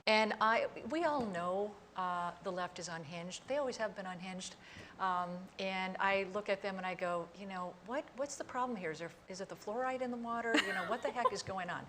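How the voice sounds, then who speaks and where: A woman's voice: mid-range voice, a little fast, a bit bright. A woman co-host argues her point bluntly and emphatically, often speeding up. Her voice sits in a middle range with faint background noise. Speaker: co-host on a political talk show. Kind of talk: opinionated panel talk.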